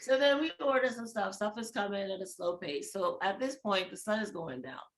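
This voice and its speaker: A woman as a podcast guest, telling a story in casual chat, animated and laughing between quick asides. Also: medium pitch.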